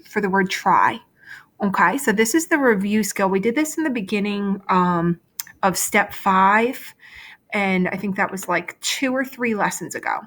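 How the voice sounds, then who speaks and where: A woman's voice: medium pitch, a bit bright. A woman teacher giving a remote phonics lesson over shared slides, explaining step by step and often checking in with "okay?".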